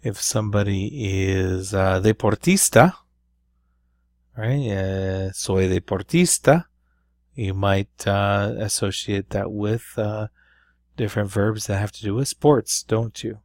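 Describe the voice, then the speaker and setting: A man's voice: lowish voice, slow, a little mellow, no room sound, studio quality. A man teaching a recorded review lesson, explaining patiently with fillers and frequent checks like "right?". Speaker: Spanish teacher.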